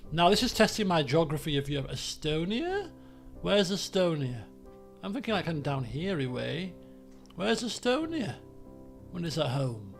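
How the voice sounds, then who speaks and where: A man streaming a geography guessing game, chatty and excitable, swearing and breaking into shouts when frustrated. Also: high voice, creaky. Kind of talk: casual live-stream commentary while playing a geography guessing game.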